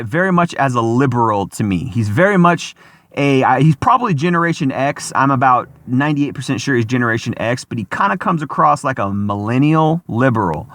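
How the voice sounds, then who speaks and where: Guy rambling outdoors, swears a lot, bright voice, dry close sound. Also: mid-range voice, no room sound. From Washington State, US. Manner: rambling, profane, lots of fillers and restarts. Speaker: vlogger. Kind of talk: casual rambling monologue. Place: outdoors, in a spot with passing traffic.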